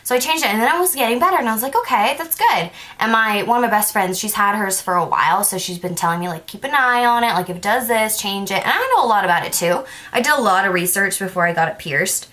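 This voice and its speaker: A woman's voice: medium pitch, expressive, fast, hardly any pauses, sharp tone. A young woman talks straight to her camera in a casual storytime vlog. She rambles in a chatty way, with "like" in nearly every sentence, and acts out what each person said. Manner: chatty, says "like" a lot, acts out both sides of conversations. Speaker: vlogger.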